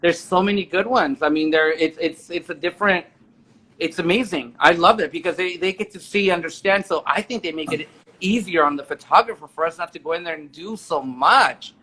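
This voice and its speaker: Bright-voiced man in his forties, rambling. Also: on the high side, brisk. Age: 40s. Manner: enthusiastic, rambling with many restarts. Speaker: interview guest, makeup artist and photographer. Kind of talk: casual interview chat.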